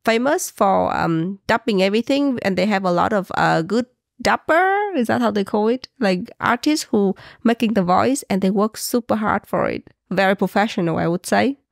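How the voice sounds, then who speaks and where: Woman, Vietnamese accent, lively casual chat, laughs often, medium pitch, dry close sound. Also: moderate pace, creaky, no echo. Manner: animated, laughing often, calls partner honey. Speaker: podcast co-host.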